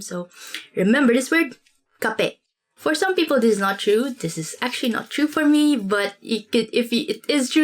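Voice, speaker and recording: A woman teaching a casual vocabulary lesson, chatty with joking asides and frequent laughs. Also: on the high side. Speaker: language teacher.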